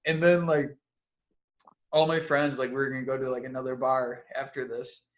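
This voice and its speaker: A young man in his twenties telling a story in casual chat on a podcast, animated and laughing often. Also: mid-range voice, moderate pace. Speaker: podcast co-host.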